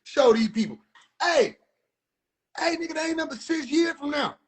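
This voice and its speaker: A man giving heated, profane, incredulous commentary, often breaking into shouts. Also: extremely high pitch, normal speed. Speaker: video commentator. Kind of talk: ranting commentary.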